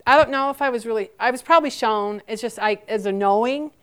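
A woman in her forties answering audience questions about her near-death experience, earnest and halting, with frequent restarts. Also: fairly high pitch, fairly bright tone, clean tone.

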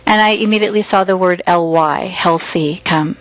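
A woman's voice: lowish voice, normal speed, hardly any pauses, dry recording, poor audio. Woman telling a personal story earnestly. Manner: earnest, vivid retelling with quoted dialogue.

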